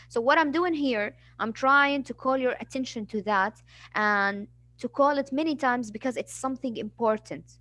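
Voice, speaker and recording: High-voiced woman teaching English vocabulary. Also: normal speed, fairly bright tone, slight background noise. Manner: patient explaining, acts out examples. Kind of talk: classroom vocabulary lesson.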